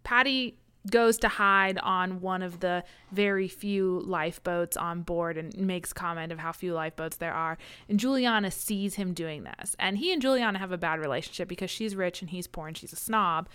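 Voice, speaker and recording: A woman co-hosting a podcast, casually recapping a novel, breaking into quick quoted voices and laughing often. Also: lowish voice, a bit bright, smooth. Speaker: podcast co-host. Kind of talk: casual book-club chat.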